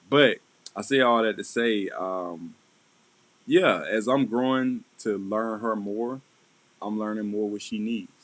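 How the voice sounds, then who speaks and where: A middle-aged man on a vlog talks casually about marriage, often tossing in "right?" to check in. His voice is lowish, and the recording sounds rough.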